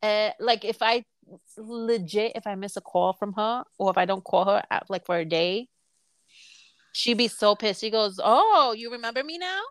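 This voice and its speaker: A woman's voice: medium pitch, steady tone, normal speed, clear, resonant tone, no echo. A young adult woman co-hosting a casual chat podcast, frank and blunt, swearing and laughing easily. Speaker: podcast co-host.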